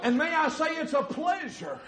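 A man preaching a shouting revival sermon, chanting and drawn out, crying out woo and hallelujah. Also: extremely high pitch, big pitch swings, moderate pace, over a noisy crowd, heavy background noise. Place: church sanctuary. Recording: echoey church with loud congregation. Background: congregation responding.

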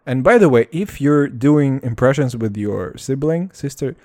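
A man's voice: mid-range voice, lively intonation, moderate pace, warm tone, no room sound, clean studio sound. A man chatting casually in a vlog, rambling and swearing, often repeating "dude" and "all right".

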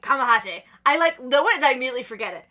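Woman, higher voice, very animated pitch, podcast chat, retelling a story with put-on lines. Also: very fast, crowd noise. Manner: animated retelling with acted-out character lines and frequent laughs. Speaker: podcast guest. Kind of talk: casual chat recapping manga chapters.

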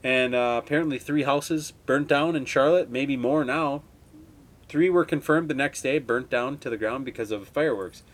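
This casual storytelling monologue features a laid-back Wisconsin podcaster in his 20s who rambles and curses heavily. He talks at a moderate pace in a mid-range voice.

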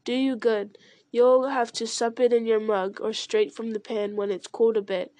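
A woman's voice: fairly high pitch, little pitch movement, moderate pace, dark tone, no echo, close to an everyday voice. Stubborn down-to-earth servant guy, talks blunt and homey, lady reading it, dry sound. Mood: homely. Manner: blunt, folksy, rustic speech. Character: stout, plain-spoken male servant, stubborn and homely.

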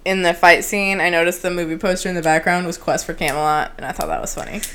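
A woman's voice: lowish voice, fairly even intonation, quick pace, a bit bright, a little hiss or hum. A woman co-hosting a casual TV recap podcast, offering wry, slightly irritated commentary. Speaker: podcast co-host.

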